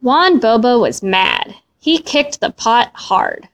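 A woman reading a children's storybook aloud in a slow, expressive way. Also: on the high side, gravelly.

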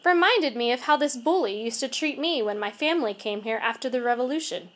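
A kindly older school custodian speaks plainly and gently, voiced by a woman reading a storybook aloud. The voice stays high and lively in pitch. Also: a little fast.

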